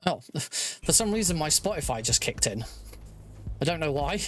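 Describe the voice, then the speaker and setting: A young man talking through his own game speedrun live, chatty and quick to laugh, thinking aloud as he plays. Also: a little high, animated. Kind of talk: live gameplay commentary.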